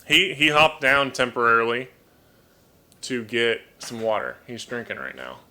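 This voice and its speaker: Bright-voiced man hosting a live stream. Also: medium pitch, big pitch swings, measured pace. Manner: chatty, apologetic, repeats words while thinking. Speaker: livestream host and toucan keeper. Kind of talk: casual live-stream chat. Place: home room. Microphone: desk microphone.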